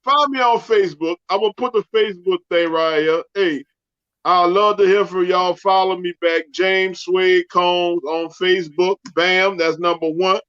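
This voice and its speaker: A man co-hosting a casual sports show, joking, animated and laughing often. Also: high voice, normal speed, clear, resonant tone. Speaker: co-host. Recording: dull lo-fi sound.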